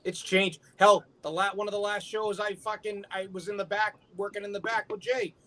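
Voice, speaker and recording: Male panelist, slightly high voice, swears freely, rambles through stories with many restarts. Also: flat delivery, moderate pace, bright, forceful tone, a little hiss or hum. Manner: profane, rambling, stammers restarts. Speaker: wrestling podcast panelist, former manager. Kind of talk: casual chat, storytelling.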